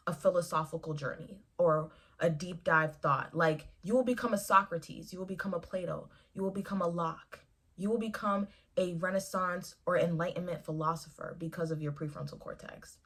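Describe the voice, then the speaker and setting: A woman's voice: medium pitch, fairly bright tone. A woman in her twenties giving life advice to camera in a casual, chatty vlog, acting out her own reactions as she goes. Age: 20s. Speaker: vlogger.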